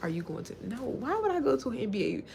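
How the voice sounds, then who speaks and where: A woman's voice: fairly high pitch, big pitch swings, quick pace, vocal fry, darkish tone, slight background noise. A woman in her thirties hosting a casual livestream, chatting and reacting to viewer comments, often laughing. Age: 30s. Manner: laughs often while talking. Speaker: livestream host.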